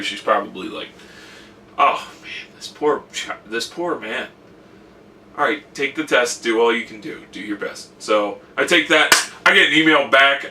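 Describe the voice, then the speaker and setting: A man's voice: lowish voice, pushed and bright, recorded from a distance, a little hiss or hum. A young man chatting casually about his college semester, telling stories with lots of quoted asides. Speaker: college student vlogger. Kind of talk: casual vlog chat.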